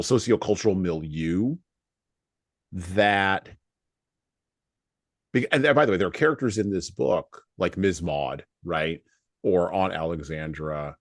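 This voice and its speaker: Lively podcast host, dry close sound. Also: male voice, deep voice, no room sound. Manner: animated, breaks into quick acted-out voices. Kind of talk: casual podcast discussion.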